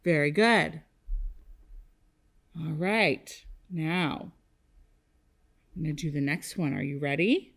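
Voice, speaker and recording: A woman teaching a kindergarten math lesson on television, leading the children in slow sing-song call-and-response counting. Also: low voice, creaky.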